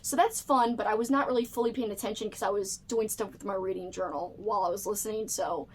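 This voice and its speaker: A woman's voice: medium pitch, fast talker, slightly rough. A woman book vlogger chatting casually to camera, bubbly and full of "like" fillers.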